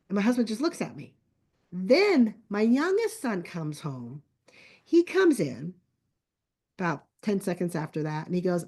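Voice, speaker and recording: A middle-aged woman with a somewhat low voice tells a story in relaxed conversation. She is chatty and animated and slips into her family members' lines as she goes. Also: moderate pace. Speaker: guest. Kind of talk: casual storytelling on a podcast call.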